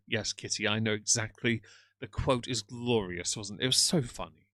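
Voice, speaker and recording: A middle-aged man with a bright, forceful voice chats on a live stream and answers his viewers with dry, sardonic teasing. He sits close to a desk microphone, and the sound is dry and unroomy. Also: fairly low pitch, moderate pace, dry recording. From England. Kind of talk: casual stream chat, reading comments.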